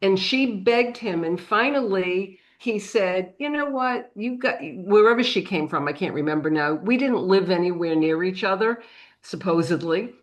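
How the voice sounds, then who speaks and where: A middle-aged woman with a New England accent, telling a lively anecdote on a panel and acting out the voices in it. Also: fairly low pitch, moderate pace. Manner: animated anecdote with acted-out quotes. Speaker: panel guest. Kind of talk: storytelling on a panel.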